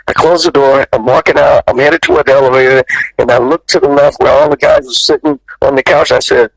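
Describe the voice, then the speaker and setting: A male actor telling stories as an interview guest, lively and profane, jumping up in pitch when he quotes people. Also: brisk, gravelly, no room sound, poor audio. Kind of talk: animated storytelling in an interview.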